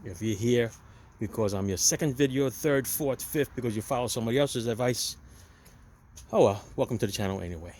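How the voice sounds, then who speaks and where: A medium-pitched, slightly mellow male voice, a bit quick. He hosts a DIY car repair channel, working outdoors at a parked car and chatting with viewers, whom he calls "people," while offering blunt, opinionated tips.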